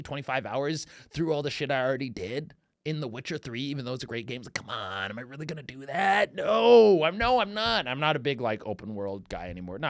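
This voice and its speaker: A man's voice: medium pitch, dry recording, clean studio sound. A man in his thirties hosting a comedy podcast, ranting casually with lots of swearing and mocking quoted voices. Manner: profane, animated, mocking put-on quotes.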